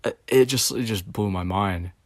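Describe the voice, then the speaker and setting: A man's voice: lowish voice, normal speed, dry recording, studio quality. A man vlogging in a rambling, casual rant, swearing often and sounding confused and exasperated. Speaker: video blogger.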